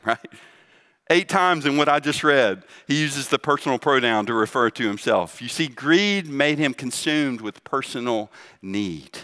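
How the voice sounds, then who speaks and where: Forceful and bright, the mid-range voice belongs to a middle-aged pastor preaching in a conversational style. He poses questions to the congregation and often adds "right?".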